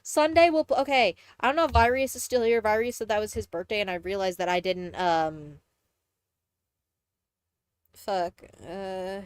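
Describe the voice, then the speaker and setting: A woman's voice: medium pitch, steady tone, moderate pace, long pauses, clean tone, dry recording. Rambling Southern-accented woman streamer. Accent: mixed Southern and Midwestern US. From Texas, USA. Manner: rambling, self-correcting, chatty. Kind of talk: casual live-stream chat, reading aloud.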